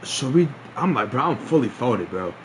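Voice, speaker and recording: A man's voice: mid-range voice, very animated, normal speed, slight background noise. A young man streaming a casual storytime, laughing often and restarting his sentences in slangy talk.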